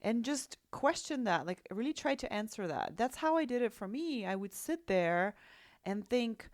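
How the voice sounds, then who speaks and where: A woman's voice: on the high side, sing-song, normal speed, no echo, studio quality. Reassuring Russian-accented woman podcaster. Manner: reassuring, conversational, frequent tag questions like "right?" and "okay?". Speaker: podcast host and life coach. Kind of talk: solo podcast talk.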